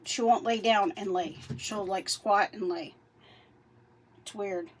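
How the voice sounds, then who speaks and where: A woman's voice: medium pitch, takes it slowly. A woman vlogging outdoors about her backyard chickens, chatting in a rambling way while doing chores and getting out of breath. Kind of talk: casual vlog.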